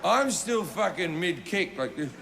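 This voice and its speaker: A man telling a stand-up comedy story in an animated, profane way, acting out the scenes. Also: high-pitched, measured pace, creaky, heavy background noise.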